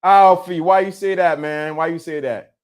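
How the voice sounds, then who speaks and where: A man hosting a casual livestream, talking to his chat in an animated, teasing way and laughing often. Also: a little high, moderate pace, clean tone. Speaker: livestream host. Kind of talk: casual live-stream chat.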